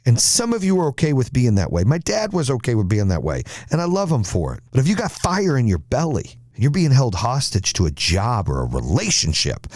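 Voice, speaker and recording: A man's voice: medium pitch, wildly swooping pitch, brisk, hardly any pauses, darkish tone, dry recording, studio quality. A man hosting a podcast and delivering an emphatic motivational monologue with punchy repeated phrases. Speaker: podcast host and motivational speaker.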